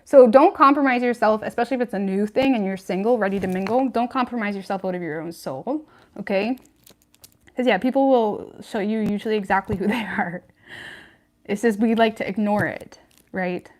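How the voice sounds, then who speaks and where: Speaking fairly quickly in a mid-range voice, this woman reads tarot casually for a livestream audience. She keeps it chatty and blunt, leaning on "like" and "you know what I mean," and laughs as she moves from point to point.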